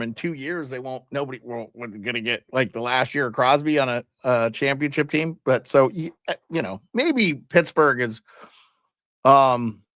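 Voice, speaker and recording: A man's voice: mid-range voice, a bit bright, dry recording, studio quality. A man hosting a casual live hockey stream, chatting loosely and calling out viewers and their locations. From Canada.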